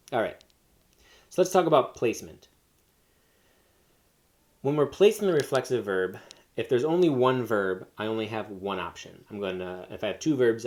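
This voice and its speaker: A man's voice: fairly low pitch, darkish tone. A man teaching a Spanish lesson, explaining step by step with fillers and self-corrections. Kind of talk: recorded classroom lesson.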